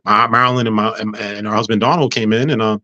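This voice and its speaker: A man's voice: lowish voice, fairly even intonation, fast talker, sharp tone, dry recording. A man who is a guest on a talk show, telling a personal story with humor and acting out the dialogue. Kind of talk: casual storytelling interview. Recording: dull lo-fi sound.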